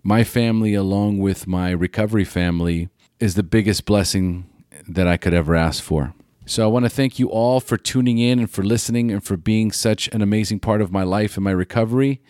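A man's voice: on the low side, a little fast, a little mellow, smooth, dry recording, studio quality. A man hosting a podcast, earnestly thanking his family and listeners. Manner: earnest, grateful. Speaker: podcast host.

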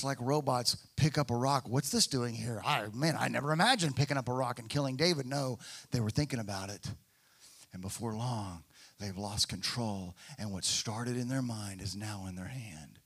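A man preaching a sermon as a pastor, swinging from hushed, quiet passages to loud, emphatic ones and acting out the voices of people he quotes. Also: a little high, breathy edge.

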